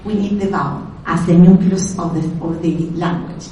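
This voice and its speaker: A woman from Argentina, giving a lecture in a slow, deliberate way, carefully spelling out each word. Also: on the low side, fairly even intonation, warm tone. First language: Spanish. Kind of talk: lecture on language history. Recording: echoey room, speaker far from mic.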